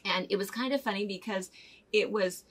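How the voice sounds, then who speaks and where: A woman's voice: mid-range voice, moderate pace, fairly bright tone, slightly rough. An older woman co-hosting a casual chat show, telling stories in a chatty way and laughing often as she goes. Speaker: co-host of a fabric shop chat show.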